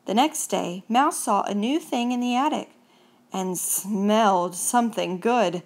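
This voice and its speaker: A woman reading a children's picture book aloud, expressive and unhurried. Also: mid-range voice. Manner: slow, expressive storytelling. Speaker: storybook reader.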